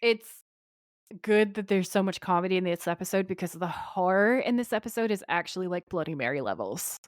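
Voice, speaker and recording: A lowish-voiced woman talks a little fast while co-hosting a podcast, recorded clean in a studio with no echo. Her casual episode recap is animated, with the characters' lines acted out along the way.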